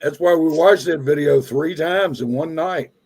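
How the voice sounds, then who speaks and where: A man's voice: a little high, moderate pace, darkish tone, breathy edge. A man on a live radio chat who laughs a lot and talks bluntly and crudely.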